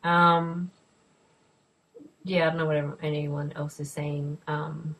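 A woman's voice: low voice, level tone, slow pace, crowd noise, rough recording. A woman co-hosting a playful, giggly chat. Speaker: co-host. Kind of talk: casual chat.

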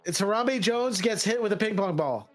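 A man's voice: sits high, animated, normal speed. A man co-hosting a podcast, casually sharing trivia with fillers and restarts. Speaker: podcast co-host. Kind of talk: casual watch-along chat.

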